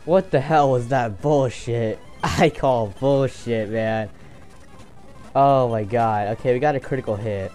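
Young man, casual gameplay commentary, excitable, cursing, joking to himself, middling voice, faint game music behind. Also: medium pitch, takes it slowly. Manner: excitable, swears, jokes to himself.

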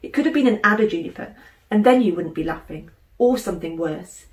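A woman voicing an indignant, excitable young boy in a storybook reading. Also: mid-range voice, fairly quick, distant mic, close to an everyday voice. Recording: roomy room echo.

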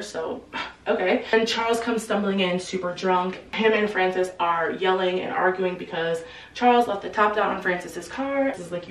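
A woman's voice: on the low side, slight background noise. Chatty young woman recapping a book. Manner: chatty, slangy, animated retelling. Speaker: book channel host. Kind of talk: casual book summary storytelling. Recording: roomy, distant from the mic.

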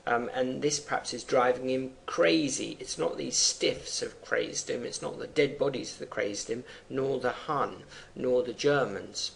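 A man's voice: medium pitch, measured pace, vocal fry. A man teaching, explaining a poem line by line and thinking aloud with fillers between readings, over faint background noise.

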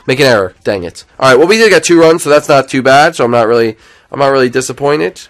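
A young man commentating his own live video game stream, chatty and excitable, swinging from loud outbursts to low muttering. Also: fast.

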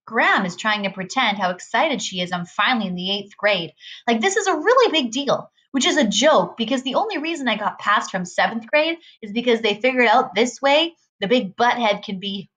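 A woman's voice: fairly high pitch, expressive, brisk, fairly bright tone. A woman reading a novel aloud in a casual, conversational first-person narration. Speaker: reader.

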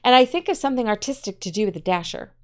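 A gushing, eager young woman raves over old family things, her voice a touch higher and brighter than plain talk, as a woman reading aloud puts her on. She sounds smooth and clear as she bubbles with delight. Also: expressive, racing, lightly acted. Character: eager showy young woman, grown daughter.

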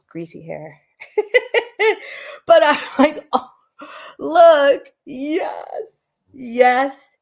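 A woman vlogger chatting casually on a livestream, gushing and rambling, teary after crying. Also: mid-range voice. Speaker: vlogger opening gifts.

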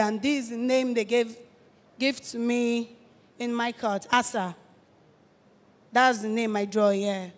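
An eighteen-year-old woman with a Nigerian accent gives a halting personal testimony, often restarting her phrases. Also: on the high side, steady tone, long reverb tail. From Delta State, Nigeria. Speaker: testifying church guest.

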